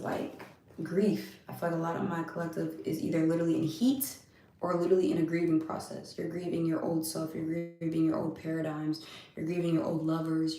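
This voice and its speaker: A woman streaming live, reading scripture slowly and giving heartfelt spiritual talk, often repeating her phrases. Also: sits low, vocal fry, warm tone, a little hiss or hum. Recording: roomy echo, distant from mic.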